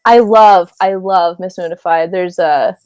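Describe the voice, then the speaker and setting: A woman's voice: lowish voice, measured pace, darkish tone, clean tone, dry recording. A woman voice actor chatting as an interview guest, giggly and gushing, rambling a bit as she talks. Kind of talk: casual interview chat.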